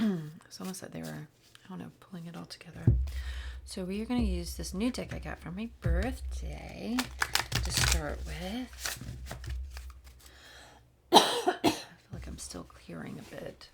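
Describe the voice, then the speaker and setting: A woman giving a casual spiritual card reading, rambling and soft-spoken, sometimes slipping into whispers. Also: on the low side, expressive, a little slow, vocal fry, pauses often, very noisy. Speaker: spiritual reader. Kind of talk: casual channeled tarot reading.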